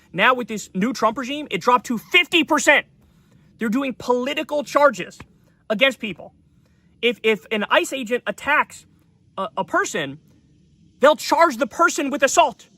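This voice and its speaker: A man in his thirties delivers heated political commentary, swearing freely and hammering points through repetition. His voice sits high for a man with a bright, forceful edge. The sound is dry and close, with no room around it. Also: no room sound. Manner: heated, profane, repetitive emphasis. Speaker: political commentary show host.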